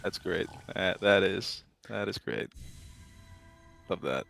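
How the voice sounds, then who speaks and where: A man's voice: low voice, slow pace, gravelly, fairly bright tone, faint music behind. A man playing along in a casual gaming chat, exclaiming and swearing at the game. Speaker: co-player.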